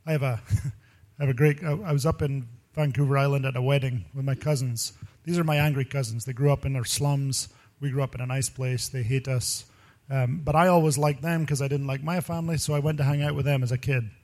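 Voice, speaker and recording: A male pastor giving a sermon full of personal stories, talking in an animated, rambling way and laughing often. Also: medium pitch, a little fast.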